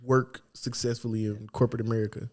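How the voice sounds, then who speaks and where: A man's voice: mid-range voice, little pitch movement, fast, darkish tone. A man co-hosting a casual podcast, chatting in slang in a laid-back tone and giving blunt advice. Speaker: podcast co-host. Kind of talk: casual chat.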